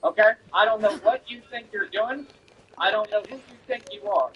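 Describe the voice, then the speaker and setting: A man's voice: high voice, moderate pace, dull audio, a little hiss or hum. A man streaming while he delivers a confrontational, boastful rant at an online critic.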